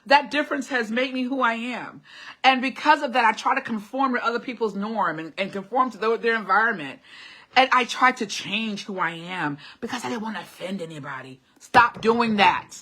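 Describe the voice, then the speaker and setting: A woman's voice: fairly high pitch, brisk, a bit bright. A middle-aged woman hosting a live motivational talk, encouraging viewers with repeated short urgings and frequent laughter. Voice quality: classically trained singer. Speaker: host of a live motivational stream. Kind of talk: casual motivational talk reading live comments.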